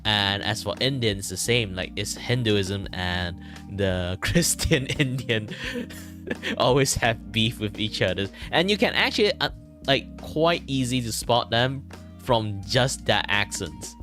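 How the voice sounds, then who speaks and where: A man's voice: fairly low pitch, slow, a bit bright, faint music behind. A man from Malaysia with a Malaysian English accent, chatting casually on a stream, rambling and chuckling often. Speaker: vtuber streamer. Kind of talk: casual chat while drawing on stream. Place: his own room at home.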